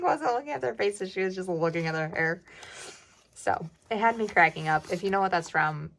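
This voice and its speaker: A young woman chatting casually while budgeting for her vlog, often dropping into a soft whisper. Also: lowish voice, normal speed, gravelly, a little hiss or hum, poor audio. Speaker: budgeting vlogger. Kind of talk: casual cash-stuffing vlog narration.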